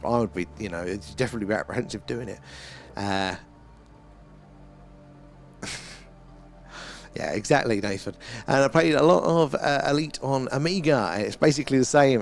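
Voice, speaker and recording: Gravelly middle-aged man hosting a stream. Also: mid-range voice. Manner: chatty and rambling, laughs often, trails off with fillers. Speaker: live stream host. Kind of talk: casual live stream chat, reading viewer comments.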